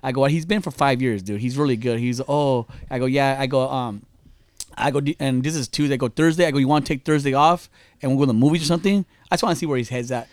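Fast-talking, profane podcast dad. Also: male voice, medium pitch, no room sound. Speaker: podcast co-host. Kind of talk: casual chat.

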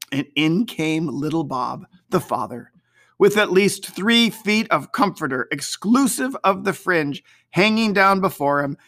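A reader giving slow, measured, expressive audiobook narration of a classic novel. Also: mid-range voice, dry recording, studio quality.

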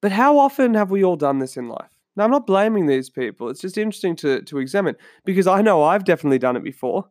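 A man's voice: high-pitched, sing-song, quick pace, few pauses, darkish tone, no room sound, clean studio sound. Earnest Australian man hosting a podcast. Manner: earnest, storytelling, asks listeners questions. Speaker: podcast host and coach. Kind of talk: solo podcast talk. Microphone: studio microphone.

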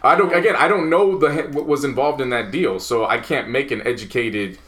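A man co-hosting a podcast, calmly laying out his argument step by step in a casual debate among friends. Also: medium pitch, fairly quick. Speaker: podcast co-host.

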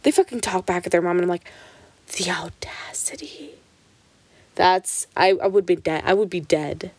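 With a fairly low voice and no room sound, a young woman vlogs casual stories from her childhood. She swears freely, fills her speech with "like," and swings animatedly between speedy and lingering phrases.

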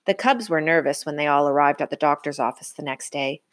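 A woman reading a picture book aloud to a child in an expressive, sing-song way. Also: deep voice, brisk, few pauses. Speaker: storybook reader.

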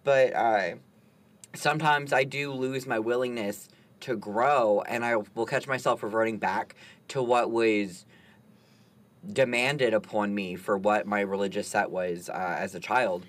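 A man's voice: fairly low pitch, steady tone, a little slow. A man co-hosting a casual recovery talk, candid and self-deprecating, swearing and laughing easily. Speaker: podcast co-host.

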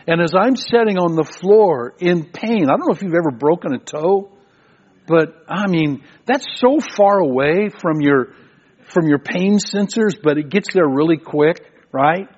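A man's voice: on the high side, expressive, measured pace, darkish tone. An older man preaching a sermon as pastor, telling stories in a conversational way and often repeating words as he goes. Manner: conversational storytelling preacher with frequent repetitions. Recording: muffled, lo-fi sermon recording.

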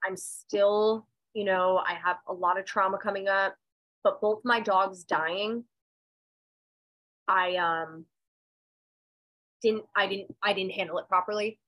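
A woman's voice: medium pitch, fairly even intonation, slow pace, pauses often, a bit bright, low-quality recording. A woman, a podcast guest, telling her personal story candidly and emphatically, swearing freely. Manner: raw and emotional, voice dropping and rising. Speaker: podcast guest, medium and intuitive.

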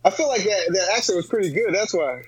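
A man's voice: high voice, animated, fast talker, husky, low-quality recording. A young man co-hosting a casual sports podcast, throwing in teasing quips. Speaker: podcast co-host.

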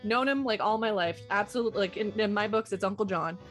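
A woman's voice: mid-range voice, fast, faint music behind. Chatty woman podcast host. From Canada. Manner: chatty, self-mocking, acts out quoted voices. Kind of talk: casual chat.

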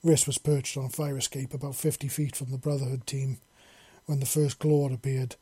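A man's voice: mid-range voice, flat delivery, moderate pace, warm tone, slightly rough, dry recording. A man reading a fan-fiction story aloud in plain narration, sometimes restarting a phrase. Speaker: story reader.

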